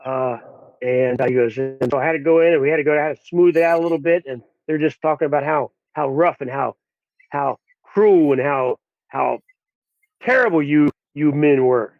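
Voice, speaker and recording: A man telling an army story as a podcast guest, animated and acting out the people he quotes. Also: a little high, normal speed, no room sound. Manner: animated, acts out quotes in raised voices. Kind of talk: storytelling in conversation. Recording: dry tinny phone-like line.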